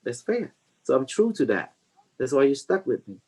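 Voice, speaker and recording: A man's voice: mid-range voice, very animated, normal speed, darkish tone, breathy edge, poor audio. A man hosting a casual teaching talk for his community. He rambles, repeats words and laughs often. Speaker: community leader and host.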